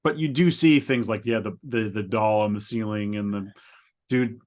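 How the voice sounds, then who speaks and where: A man's voice: moderate pace, darkish tone. A man co-hosting a podcast in casual chat, rambling and stammering as he describes things, laughing often. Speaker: podcast co-host. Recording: lower quality than usual.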